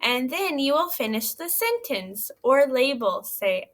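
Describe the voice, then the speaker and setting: A woman teaching young children in a recorded lesson, reading a story aloud and asking gentle, encouraging questions. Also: sits high, sing-song, measured pace, few pauses. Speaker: elementary school teacher.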